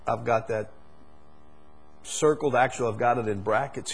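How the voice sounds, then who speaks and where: A male preacher with a slightly husky voice, pitched in the middle for a man. He presses his points by repeating them, dropping low and quiet, then climbing loud and high for emphasis. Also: measured pace. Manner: emphatic, repeats key phrases, swings from soft to loud. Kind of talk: sermon.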